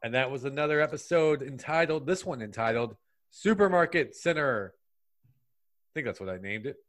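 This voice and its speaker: Male comedy podcast host, casual and quick with plugs. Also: medium pitch, animated, a bit bright. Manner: breezy, rattling off plugs.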